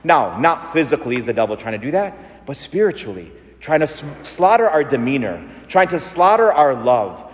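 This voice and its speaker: Lively preaching man in an echoing church. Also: fairly high pitch. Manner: animated, conversational preaching with rhetorical questions. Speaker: priest. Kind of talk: sermon. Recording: long church reverb.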